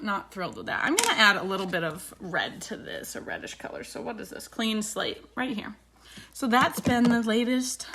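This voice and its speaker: Woman in her 30s ranting about a contractor while doing her makeup, mid pitch, heated and chatty. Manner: animated, indignant retelling of a dispute. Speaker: beauty vlogger.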